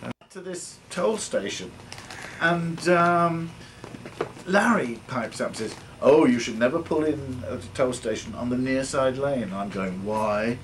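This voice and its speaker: Older English man telling lively stories, distant mic. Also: mid-range voice, a little slow. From England. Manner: animated, acts out voices in his stories. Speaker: guest musician. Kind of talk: anecdotal storytelling. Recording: distant mic with noisy ambience.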